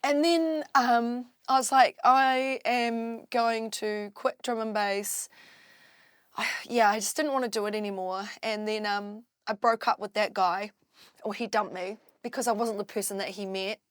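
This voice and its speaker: New Zealand woman, halting and candid. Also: fairly high pitch, fairly even intonation, no room sound, clean studio sound. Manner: halting and emotional, with many likes and restarts. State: tearful at times. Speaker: guest, drum and bass MC. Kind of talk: candid interview talk.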